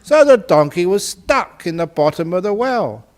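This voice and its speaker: A man's voice: high-pitched, sing-song, moderate pace, darkish tone. A man, a Buddhist monk, telling a humorous teaching story in a playful way and laughing at his own jokes. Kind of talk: humorous storytelling dharma talk.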